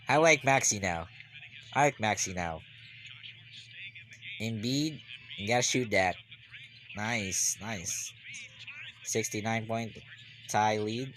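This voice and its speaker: A man giving live basketball reaction commentary, rambling and repeating himself, then bursting into excited yells. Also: mid-range voice, slow pace, pauses often, a little hiss or hum.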